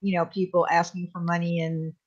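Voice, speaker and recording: A woman's voice: fairly low pitch, level tone, brisk, over a noisy crowd. Casual panel guest, woman, hesitant, muffled lo-fi line. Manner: hesitant, many fillers. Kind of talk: casual group chat.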